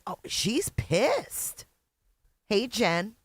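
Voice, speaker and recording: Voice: medium pitch, animated, a little slow, a bit bright, no room sound. A streamer hosting a live reaction stream, commenting sarcastically and with disbelief while greeting people in chat.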